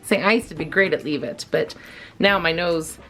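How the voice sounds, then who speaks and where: A cheeky old blind dog, greedy for treats, talks in a playful, mock-confessional way, as a woman puts her on. She sounds fairly low and relaxed, with soft music faintly behind. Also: moderate pace.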